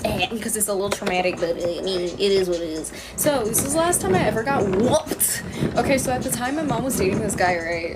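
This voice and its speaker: Young woman, casual storytime, blunt and profane, high voice, very lively pitch. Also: heavy background noise.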